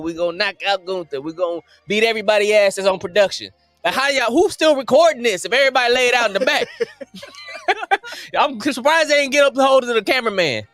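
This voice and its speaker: A man's voice: high voice, fairly bright tone. A man co-hosting a podcast, in profane, laughing casual banter. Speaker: podcast co-host. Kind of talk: casual chat.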